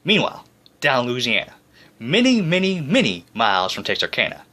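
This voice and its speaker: A man narrating history in a jokey, breezy way, tossing in quick voiced asides. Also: mid-range voice, very animated, bright, forceful tone.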